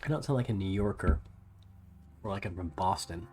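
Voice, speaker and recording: Easygoing low-voiced American host. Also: male voice, fairly quick, darkish tone, faint music behind. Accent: soft US West Coast American. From US West Coast. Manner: easygoing, chatting to viewers while working. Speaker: livestream host. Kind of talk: casual livestream chat while painting.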